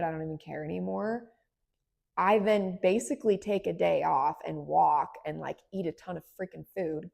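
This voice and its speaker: A woman in her late thirties telling a personal fitness story in a casual, emphatic vlog, swinging between low, weary stretches and bursts of excitement. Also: gravelly. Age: 30s. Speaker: fitness vlogger.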